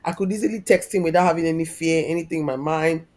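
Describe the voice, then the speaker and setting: A woman in her thirties with a fairly low voice. She tells a personal story as a podcast guest, openly and reflectively, her feeling close to the surface. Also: rapid-fire, darkish tone. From Nigeria. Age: 30s. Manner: heartfelt, reflective, openly emotional.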